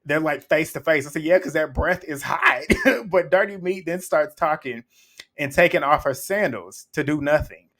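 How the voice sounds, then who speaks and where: A man's voice: on the high side, lively intonation, moderate pace, bright, forceful tone. A man, recapping a reality show in blunt, mocking casual commentary and laughing often.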